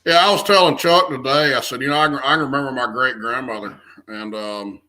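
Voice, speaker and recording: A man's voice: medium pitch, a little fast, sharp tone, poor audio. A man, speaking earnestly as a guest and restarting phrases as he talks. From American South. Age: 50s. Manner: earnest, restarts phrases often, stresses key words. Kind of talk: conversational interview.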